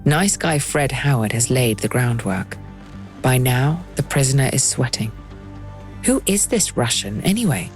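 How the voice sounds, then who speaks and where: A woman hosting and narrating a documentary podcast in a measured, lightly wry scripted style. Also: a bass voice, animated, faint music behind.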